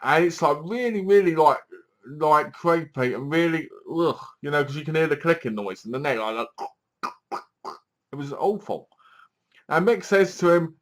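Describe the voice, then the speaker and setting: A man talks through a movie in a loose, rambling way. He retells scenes and acts out the lines as he goes. His voice sits a little high for a man. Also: normal speed, a bit bright. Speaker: movie reviewer. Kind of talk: casual spoken film review.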